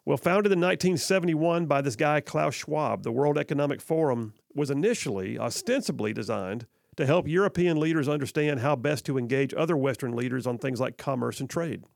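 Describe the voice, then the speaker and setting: A man's voice: medium pitch, expressive, brisk, gravelly, no room sound. A male talk radio host, giving opinionated, sarcastic commentary in a conversational way from a radio studio. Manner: conversational, sarcastic, many "I mean" asides. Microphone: studio microphone.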